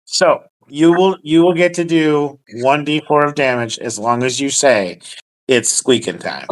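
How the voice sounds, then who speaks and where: A man's voice: on the high side, unhurried, low-quality recording. A man running a tabletop game as dungeon master, laid-back and casually swearing.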